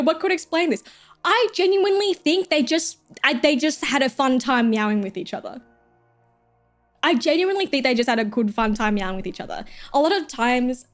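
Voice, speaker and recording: Young woman streaming, high voice, giggly rambly chat, cusses a lot, soft music behind.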